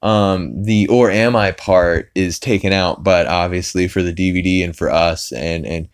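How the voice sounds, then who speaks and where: Male podcast host, low voice, rambling recap, lots of ums. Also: steady tone, measured pace, clean tone. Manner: rambling, many fillers and restarts. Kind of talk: casual episode recap.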